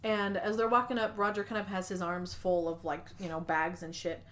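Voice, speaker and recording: A woman's voice: on the low side, flat delivery, fairly quick, a bit bright. A young woman co-hosting a podcast, chatting casually as she retells a movie's plot and briefly acts out the characters' lines. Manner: chatty, quotes characters in short acted lines. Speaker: podcast co-host.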